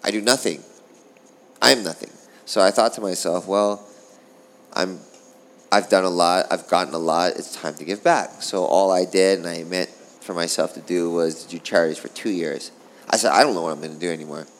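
Deep-voiced man telling a rambling story. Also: moderate pace, vocal fry. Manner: animated, profane, rambling storyteller. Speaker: guest, former pro surfer. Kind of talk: casual storytelling interview.

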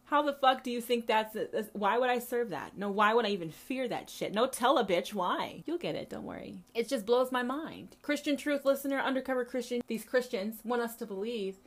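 A woman's voice: on the high side, expressive, a little fast, hardly any pauses. Fiery, foul-mouthed woman ranting. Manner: profane, fiery ranting with big swings in volume; addresses listeners directly, repeating for emphasis. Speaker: podcast host. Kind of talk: impassioned monologue.

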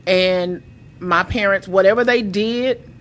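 A woman on a podcast in casual chat, an animated storyteller who acts out the quotes in her stories. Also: mid-range voice, takes it slowly.

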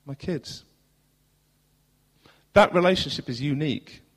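Southern English male pastor, earnest preaching with rhetorical questions, a touch high-pitched, in a long-echo church. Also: animated, measured pace, slightly rough. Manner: earnest, rhetorical questions, swings between loud and hushed. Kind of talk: sermon. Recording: long hall reverb.

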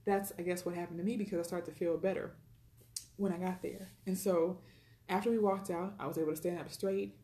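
Brief: woman, lowish mellow voice, quick chatty storyteller full of fillers. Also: steady tone, echoey room. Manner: chatty, retells dialogue, frequent fillers. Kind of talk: personal storytelling.

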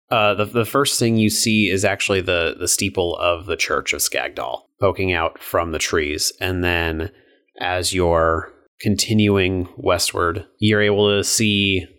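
느긋하게 진행하는 낮은 목소리의 남자 게임 마스터. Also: male voice, fairly low pitch, clear, resonant tone. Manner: relaxed, hesitant, many restarts. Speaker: game master. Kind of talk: narrating a tabletop game.

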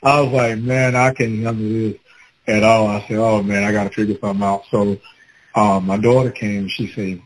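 A man with children telling a personal story in a casual, animated way, acting out his own past words with laughter. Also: lowish voice, moderate pace, low-quality recording. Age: adult with children.

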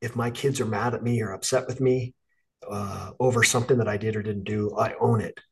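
A man's voice: lowish voice, fairly even intonation, fairly quick, a little mellow, breathy edge. A man hosting a podcast and coaching dads, speaking earnestly and encouragingly in casual chat. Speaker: podcast host and dads' coach.

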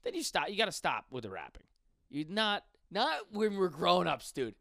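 A young man from western New York riffs in a loose, profane stand-up rant. His voice sits a bit high and bounces around with lively pitch swings. The sound is dry and close. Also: normal speed, vocal fry, no room sound. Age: 20s. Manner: profane, rambling, animated. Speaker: stand-up comedian. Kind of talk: casual podcast rant.

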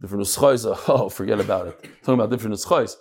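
A man teaching a Talmud class live, lively and joking, with Hebrew and Yiddish terms all through his talk. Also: lowish voice, rapid-fire, slightly rough. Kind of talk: daf lesson to a live class.

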